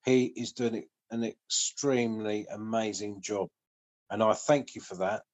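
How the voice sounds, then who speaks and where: Midlands bloke, middle-aged, casual chat, gushing and friendly, keeps saying mate. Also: male voice, fairly low pitch, steady tone, unhurried. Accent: English Midlands. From English Midlands. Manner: warm, effusive praise, calls people mate. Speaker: guest.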